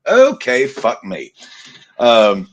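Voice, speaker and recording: A man in a casual podcast chat, his mid-pitched voice rising and falling a lot. He states his opinions bluntly and with plenty of feeling. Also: drawn-out words, muffled recording. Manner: opinionated, animated delivery. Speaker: podcast co-host.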